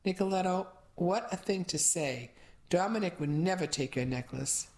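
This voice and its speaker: A woman's voice: lowish voice, normal speed, darkish tone, roomy sound, natural voice. A woman voicing a hospitable middle-aged mother who calls her guests in. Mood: welcoming.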